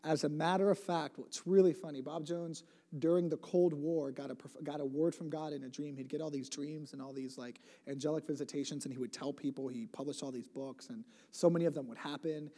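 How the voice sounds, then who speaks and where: A man's voice: fairly high pitch, fairly even intonation, brisk, warm tone. A man in his late twenties giving a church talk, telling stories in a rambling, conversational way, often breaking off mid-sentence and adding humor. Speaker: church speaker. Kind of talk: sermon storytelling. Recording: long hall reverb.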